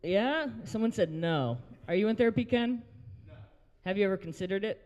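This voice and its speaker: A man's voice: high voice, lively intonation, fairly quick, a little mellow, long reverb tail, dull audio. A young man hosting an open mic, doing a crude stand-up set and working the crowd in a brewery. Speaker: open mic host and comedian. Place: brewery taproom, live audience.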